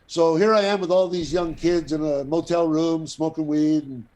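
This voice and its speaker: An older man, an actor and guest, telling a long anecdote in a casual, profane, animated way. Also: a little high, normal speed, slight background noise. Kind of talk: casual storytelling.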